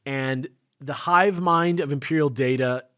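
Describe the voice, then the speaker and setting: A man's voice: mid-range voice, a little slow, bright, forceful tone, clean tone, no room sound, studio quality. A young man co-hosting a podcast, casually recapping a comic book with loose, swearing banter. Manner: loose, laid-back recapping with lots of fillers and swearing. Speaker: podcast co-host.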